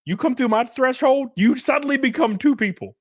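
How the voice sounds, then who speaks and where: A man's voice: extremely high pitch, fairly quick, no echo, clean studio sound. A man in his thirties, a live streamer, ranting casually and profanely to his chat with sarcasm. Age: 30s.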